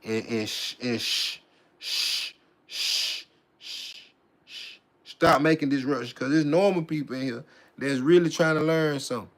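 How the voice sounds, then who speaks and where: A man's voice: medium pitch, measured pace, a bit bright. A man vlogging in a profane, mocking rant to camera, repeating himself and stumbling over words with swagger. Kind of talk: profane ranting monologue to camera.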